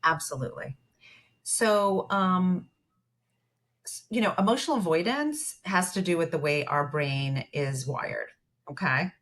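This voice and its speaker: A woman's voice: fairly low pitch, lively intonation, measured pace, fairly bright tone. A woman therapist who is a podcast guest, explaining things at length with many fillers and acting out the dialogue from a client story. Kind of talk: conversational podcast interview.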